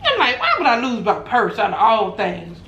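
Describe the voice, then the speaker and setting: A woman vlogger telling a story in a casual chat, animated and laughing often, acting out what people said. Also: on the high side, moderate pace, gravelly, muffled recording. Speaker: mukbang vlogger. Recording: roomy echo, faint background noise.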